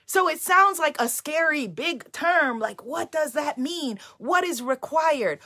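Woman, high-pitched, bright tone, spiritual self-care coach, affirming, repetitive, uplifting, live stream from home. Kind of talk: live-streamed inspirational talk.

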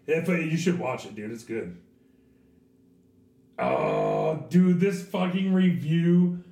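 A hoarse man with a craggy voice hosts a casual podcast chat, swearing freely and telling animated stories. His voice sits a little high. The room is echoey and the mic is some distance away. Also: takes it slowly. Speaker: podcast host and teacher.

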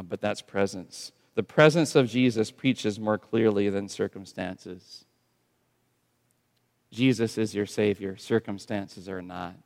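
Man, pastor, conversational sermon, soft intense drops, large church, long reverb. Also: fairly low pitch.

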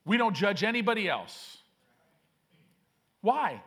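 A man preaching a sermon as pastor, reading scripture aloud with slow, emphatic phrasing. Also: high voice, sing-song, a bit bright, breathy edge.

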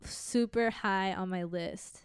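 A woman's voice: medium pitch, slow pace, clean tone, dry recording, studio quality. A young woman in casual chat, eagerly explaining things at length and laughing often. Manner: enthusiastic, explains at length, sings snippets. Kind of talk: casual fan chat about a music duo.

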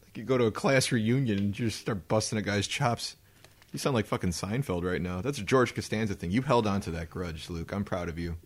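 A man's voice: fairly low pitch, brisk. A man co-hosting a podcast in laid-back, profane, teasing banter. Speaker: podcast co-host. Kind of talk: casual banter.

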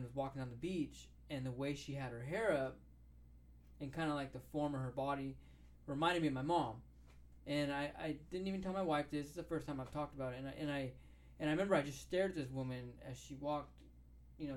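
A man's voice: medium pitch, fairly quick. A middle-aged man co-hosting a podcast who talks bluntly, swears freely and repeats his words. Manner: blunt, profane, repeats himself. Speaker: podcast co-host. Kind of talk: casual chat.

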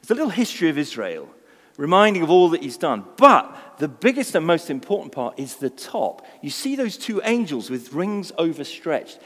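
A man preaches in a large church, his slightly high voice rising and falling with lively, expressive emphasis. His sermon moves from hushed, low stretches to loud, exclaimed lines. A long reverb hangs on every word. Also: moderate pace. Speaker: pastor.

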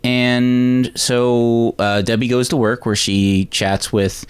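A man's voice: medium pitch, flat delivery, slow pace, smooth. A man hosting a podcast, recapping a movie in casual chat, rambling with many fillers. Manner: rambling, lots of "like" and "um". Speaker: podcast host.

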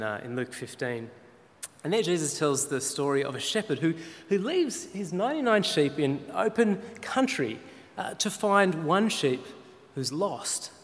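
A man preaching a sermon in an earnest way, often pausing with fillers as he explains. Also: a little high. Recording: reverberant hall sound.

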